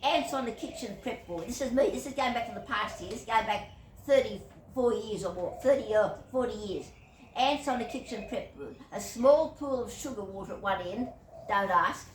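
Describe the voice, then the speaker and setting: A woman's voice: on the high side, normal speed. Chuckly older Australian woman, echoey room. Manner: chuckling, digressive, whimsical. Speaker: YouTuber. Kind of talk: rambling storytelling monologue. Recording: echoey room, distant mic, faint hiss.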